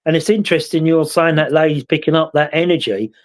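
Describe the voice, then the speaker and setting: A British man hosting a casual talk show, his voice sitting a little high. He tells long stories in a rambling, reflective way, often stopping to question himself. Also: quick pace. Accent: British English. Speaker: host. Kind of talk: casual chat.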